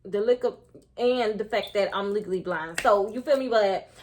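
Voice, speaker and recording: A woman's voice: medium pitch, moderate pace, a little mellow, slight background noise. A young woman telling a casual storytime to her viewers, chatty and full of slang, talking straight to the audience.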